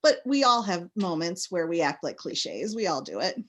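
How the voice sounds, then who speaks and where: A woman's voice: on the low side, very animated, normal speed, a bit bright. A woman from Massachusetts, a guest author in a casual interview, talking in a chatty, rambling way full of fillers.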